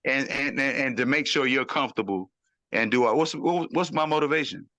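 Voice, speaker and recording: A man's voice: mid-range voice, fairly quick, bright, forceful tone, no echo. Insistent man holding the floor. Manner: insistent, repeats himself, holds the floor. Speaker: panel guest. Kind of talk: heated panel discussion.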